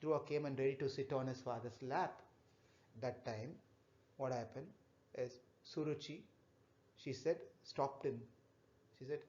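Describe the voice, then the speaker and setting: A man teaching a children's class, retelling a scripture story in a halting way, repeating himself and stopping to ask the children questions. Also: mid-range voice, a little mellow. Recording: echoey, dull room recording.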